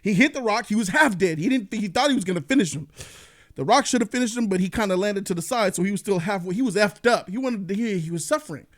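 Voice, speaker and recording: A man's voice: sits high, quick pace. A man hosting a comedic movie review, ranting profanely and acting out the people in his stories. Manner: animated, profane, acts out quotes. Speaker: host.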